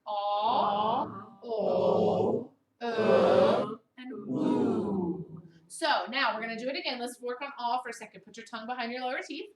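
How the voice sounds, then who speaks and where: An animated woman voice teacher in her thirties from Baltimore, USA, with a mid-Atlantic American accent, leads a vocal technique workshop, breaking off to sing sample vowels aloud. Her fairly high voice comes rapid-fire with hardly any pauses, recorded from a distance in an echoey room with faint hiss.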